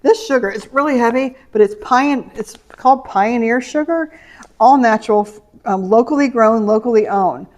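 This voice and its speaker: A woman's voice: a little high, normal speed, darkish tone. A middle-aged woman, chatting casually at home on camera about a shopping haul, rambling from story to story. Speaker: vlogger. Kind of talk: casual haul vlog chat. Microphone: camera mic.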